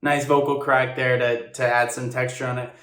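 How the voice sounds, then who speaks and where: A man's voice: medium pitch, little pitch movement, normal speed, fairly bright tone, far from the mic, soft background music. A man reacting to a song performance, analyzing the vocal technique with enthusiasm and some apologetic asides, recorded on a phone. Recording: echoey room, a little off the mic.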